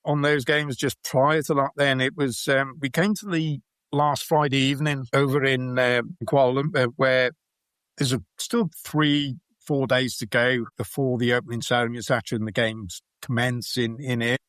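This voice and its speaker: A man with a Welsh accent, a podcast guest telling anecdotes in a relaxed, chatty way. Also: mid-range voice, moderate pace, no echo. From Wales. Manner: chatty, anecdotal, laughs while telling stories. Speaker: podcast guest, bowls player. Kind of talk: storytelling in a casual interview.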